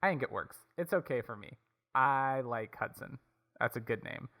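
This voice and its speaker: A man's voice: medium pitch, lively intonation, normal speed, sharp tone. A man co-hosting a casual podcast, rambling and joking about a cartoon. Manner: rambling, jokey, self-mocking. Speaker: podcast co-host.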